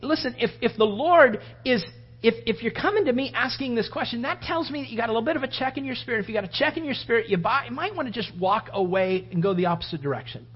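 A man's voice: very high-pitched, expressive, fast talker, husky. A man preaching a sermon as pastor, conversational and repetitive, in a dull lo-fi recording. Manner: conversational and repetitive, plays out the story in voices.

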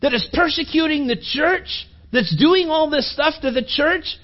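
A man voicing a nervous male disciple who stammers and pleads in a higher voice. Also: unhurried, muffled recording. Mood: anxious pleading. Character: nervous disciple man questioning his Lord.

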